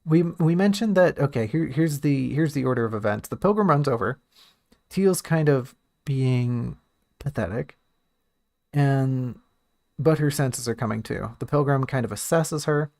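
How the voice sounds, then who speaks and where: Gravelly man thinking aloud. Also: medium pitch, animated, unhurried, a little mellow, dry recording, clean studio sound. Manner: thinks aloud, restarts and self-corrects. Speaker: writer and streamer. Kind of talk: casual thinking-aloud talk on a story draft.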